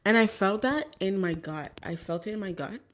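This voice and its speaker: A woman's voice: medium pitch, lively intonation, moderate pace. A woman telling a personal story in a casual, rambling way, with many fillers and restarts. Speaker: vlogger.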